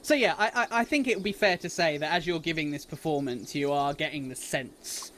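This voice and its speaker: A man's voice: on the high side, fairly quick, fairly bright tone, slight background noise. A British man as dungeon master, narrating an improvised tabletop game and thinking his rulings through aloud. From Britain.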